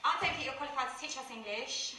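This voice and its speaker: Cheeky slangy schoolgirl, highish voice, far off, echoey, loud noise. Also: fast talker. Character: cheeky mouthy teenage schoolgirl.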